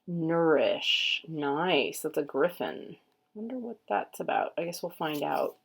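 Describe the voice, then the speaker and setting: Host read: woman, lowish voice, very slow, casual unboxing chat with quiet murmured asides. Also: lively intonation, creaky, breathy edge. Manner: unhurried, murmurs card names aloud, admiring. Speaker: tarot reader and channel host.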